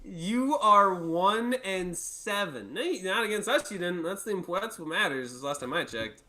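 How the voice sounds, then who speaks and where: A man's voice: high-pitched, animated, moderate pace, bright, forceful tone. A man hosting a casual sports talk show, rambling and bantering with sarcasm. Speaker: host.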